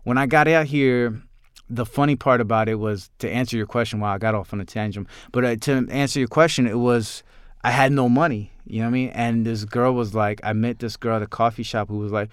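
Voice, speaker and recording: A man, a filmmaker guest in an interview, telling his story in a rambling, animated way with many restarts. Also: mid-range voice, brisk, clean tone, no room sound, studio quality. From New York.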